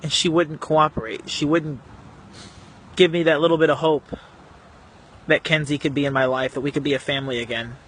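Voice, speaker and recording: Earnest man with a bright voice. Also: on the high side, fairly even intonation, a little hiss or hum. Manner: earnest, emotional, halting. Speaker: vlogger. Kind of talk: personal story told to camera.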